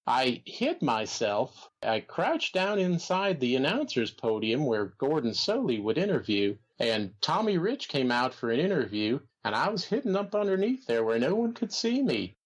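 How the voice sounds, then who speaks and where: A man doing an impression of a fussy, gossip-loving old male wrestling promoter who drawls slowly. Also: mid-range voice, very animated. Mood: gossipy. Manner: slow, drawling, fond exclamations. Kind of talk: comedy podcast impression.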